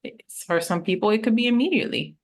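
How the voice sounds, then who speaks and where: A woman's voice: mid-range voice, lively intonation, fast talker, gravelly. A woman life coach in a casual podcast chat, telling personal stories candidly and with animation, swearing now and then.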